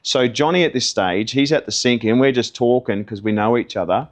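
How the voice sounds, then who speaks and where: A man's voice: mid-range voice, brisk. A middle-aged man gives a personal testimony, telling his story in an earnest, conversational way. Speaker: testimony guest.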